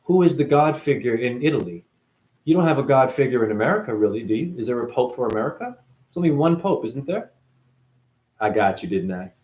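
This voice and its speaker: A man's voice: mid-range voice, animated, brisk, darkish tone, roomy sound. A man hosting a spiritual talk show, rambling through a monologue full of rhetorical questions and playful asides.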